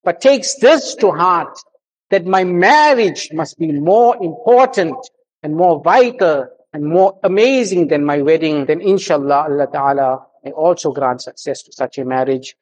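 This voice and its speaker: A man's voice: a little high, lively intonation, a little slow, rough recording. A man giving a marriage sermon, telling a humorous story and exhorting the congregation.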